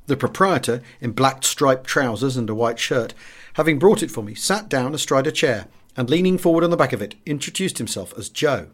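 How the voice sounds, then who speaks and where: A man reading a first-person wartime memoir aloud as an audiobook, with a measured and expressive delivery. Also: mid-range voice. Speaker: audiobook narrator.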